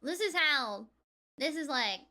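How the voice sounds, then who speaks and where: A woman with a Southern US accent, chatting and giggling on a livestream, with drawn-out vowels. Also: sits high, expressive, pushed and bright. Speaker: streamer. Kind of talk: casual livestream chat.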